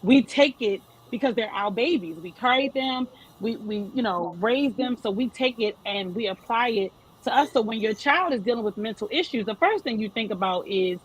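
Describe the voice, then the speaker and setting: A woman's voice: a little high, expressive, moderate pace, slightly rough, low-quality recording. A woman in her thirties speaking as a panel guest, giving earnest, emphatic advice to parents. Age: 30s. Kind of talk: panel discussion.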